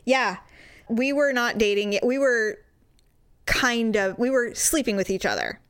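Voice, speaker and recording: Animated higher-voiced woman telling a story. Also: measured pace, clean tone, no room sound, clean studio sound. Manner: animated, acts out quotes in big voices. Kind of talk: casual storytelling chat.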